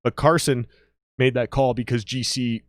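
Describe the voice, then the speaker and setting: A man from the Upper Midwest of the US, a musician guest telling a story in casual, profane, animated chat. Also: mid-range voice, moderate pace, dry recording, studio quality.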